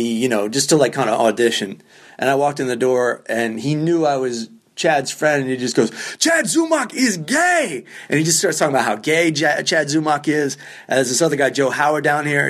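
A male comedian hosting a podcast, telling a rambling, self-deprecating story with plenty of swearing. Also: mid-range voice. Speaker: podcast host and stand-up comedian. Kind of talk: casual storytelling.

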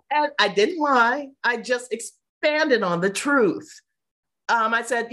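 A middle-aged woman, an interview guest, telling personal stories in a lively, casual way and acting out what people said. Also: fairly high pitch, measured pace. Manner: animated, mimics people in quotes.

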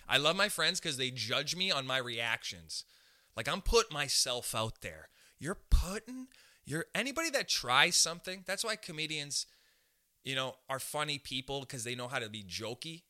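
A young man from Canada hosting a podcast, telling a comic story in a loose, animated way, swearing a lot and acting out the voices of other people. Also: mid-range voice, moderate pace, clean tone. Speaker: podcast host. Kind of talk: casual comedic storytelling.

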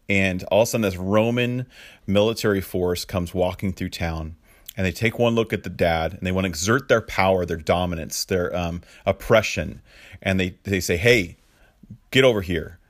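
Man giving a relaxed sermon, lowish voice, dry close sound, chatty and loose. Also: no echo. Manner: casual, lots of fillers and restarts, chuckling asides. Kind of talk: conversational sermon teaching.

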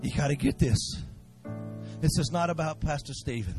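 Over music, a man at normal speed preaches a fiery revival sermon. He alternates shouted exhortation with low, intense urging and draws the congregation into call-and-response.

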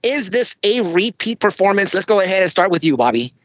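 A podcast host running a casual sports prediction show, keeping things moving in a steady, businesslike way over a remote call. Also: mid-range voice, brisk, no echo, low-quality recording.

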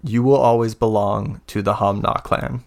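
A man's voice: on the low side, fairly even intonation, moderate pace, creaky. A man voicing a solemn old clan matriarch. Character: warm clan matriarch, older woman.

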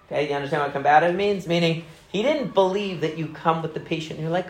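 Youngish guy rambling through a psych explainer, kinda high voice, echoey room. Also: fast. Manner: chatty, many fillers, rambling asides. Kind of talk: casual conversational explanation.

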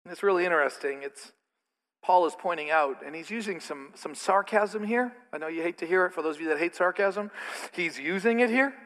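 A middle-aged man preaching a sermon as pastor, animated, slipping into mocking asides. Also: sits high, a little fast. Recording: reverberant hall.

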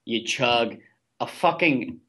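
A man's voice: medium pitch, takes it slowly, pushed and bright. Foul-mouthed man ranting on a podcast. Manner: profane, ranting, heavy swearing. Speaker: podcast co-host. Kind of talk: casual recap chat.

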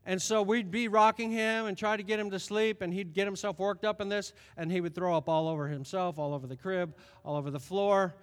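High-voiced preacher in a reverberant hall. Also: male voice, a little fast, few pauses. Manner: animated storytelling, swings loud and soft. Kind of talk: sermon.

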